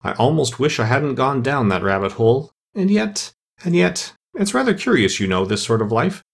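A curious young girl from a storybook who thinks aloud and talks to herself, as a male narrator puts her on. The voice rises and falls a great deal and has a husky edge. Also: medium pitch, very animated, normal speed, exaggerated voice. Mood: musing.

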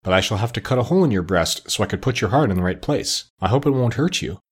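A man's voice: lowish voice, animated, fast, breathy edge. A man voicing a small, fussy male wizard in an audiobook, speaking in a raised, eager way. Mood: brisk. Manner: raised, bright, eager delivery. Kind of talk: audiobook character reading.

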